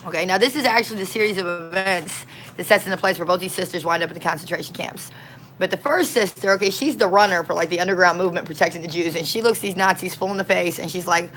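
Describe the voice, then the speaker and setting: A woman street minister in casual, slangy storytelling, folksy and animated. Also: fairly low pitch, fast talker, slight background noise, poor audio.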